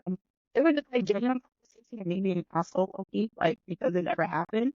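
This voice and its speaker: A woman chatting on a podcast, telling a long story with lots of swearing and acting out both sides of the conversation. Her voice sits at a middling pitch. The sound is dry and a little dull, as if recorded close on a modest mic. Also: quick pace, dry recording. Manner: animated, profane, acts out both sides of conversations. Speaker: podcast guest. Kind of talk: casual storytelling chat.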